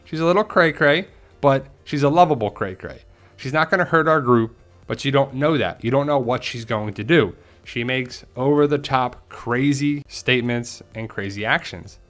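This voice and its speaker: A man's voice: medium pitch, normal speed. Chatty man recapping an episode. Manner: chatty, animated, acts out quotes. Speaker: TV show commentator. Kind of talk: casual recap and theory commentary.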